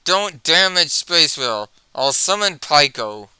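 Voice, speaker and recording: Guy reading a snooty mole villain, talks all flowery and superior, clear dry voice. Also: on the high side, big pitch swings, unhurried, sharp tone, no room sound, full character voice. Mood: pompous. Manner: flowery, condescending. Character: pompous scheming male mole villain.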